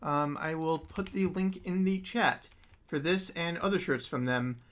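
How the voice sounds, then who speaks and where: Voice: mid-range voice, unhurried. Rambling livestream host, laughs often. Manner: rambling, laughs often, many ums and trailing restarts. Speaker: livestreaming musician. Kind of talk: casual livestream chat.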